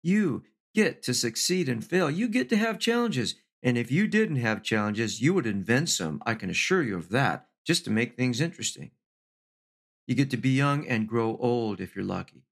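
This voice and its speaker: A middle-aged man delivers an inspirational speech at a mid-range pitch, neither deep nor high. He is earnest and unhurried and lingers over each item in his lists. Now and then he slips in a dry aside. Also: big pitch swings, creaky, husky. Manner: measured, slow lists with lifts in pitch for emphasis. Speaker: motivational speaker.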